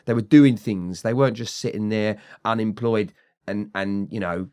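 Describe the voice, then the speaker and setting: A middle-aged British man talking candidly as a podcast guest, frank and animated, acting out the voices of people he quotes. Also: fairly low pitch, normal speed, clear, resonant tone. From Britain.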